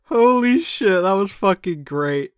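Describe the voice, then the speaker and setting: A man hosting a blind reaction video, commenting casually, excitable and quick to laugh and swear. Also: sits high, clean tone, no room sound, clean studio sound. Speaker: reaction channel host.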